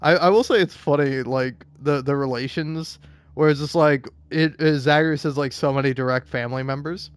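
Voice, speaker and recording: A man streaming and chatting casually, rambling with lots of profanity and stumbling restarts, breaking into high-pitched rants. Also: steady tone, moderate pace, clean tone, dry recording. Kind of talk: casual chat while gaming.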